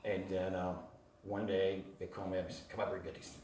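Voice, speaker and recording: A man telling a rambling, animated story to a small group in casual chat, laughing often. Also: low-pitched, fast talker, a little hiss or hum. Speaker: retreat guest telling his story. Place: home on a mountain top. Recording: roomy sound from far off.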